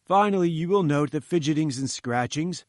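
A man's voice: on the high side, expressive, moderate pace, dry recording, clean studio sound, lightly acted. A man reading the lines of a pompous, condescending male professor who lectures in a lofty, patronizing manner. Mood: lecturing. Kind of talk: audiobook character voice.

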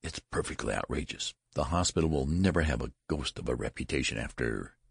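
A severe, contemptuous nurse speaking in a hushed voice, as a male storyteller puts her on. The voice stays low and husky with a gravelly texture. The sound is close and dry. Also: fairly quick, no room sound, heavily acted. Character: stern, contemptuous female hospital nurse.

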